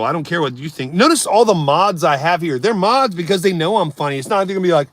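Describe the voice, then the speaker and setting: A man's voice: on the high side, expressive, quick pace, few pauses, a bit bright, dry recording. A man live streaming, ranting casually and mocking his chat in a brash, swearing way. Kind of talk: casual comedic rant.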